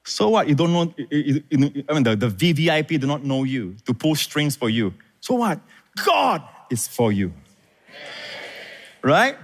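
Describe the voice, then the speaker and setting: Male pastor, emphatic call-and-response preaching, lively delivery, echoing hall. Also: a little high, normal speed. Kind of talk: sermon. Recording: reverberant hall.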